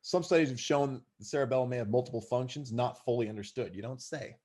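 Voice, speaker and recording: A man's voice: medium pitch, quick pace, darkish tone. A man teaching as a paramedic instructor in a recorded lecture, speaking conversationally with dry asides and frequent check-ins.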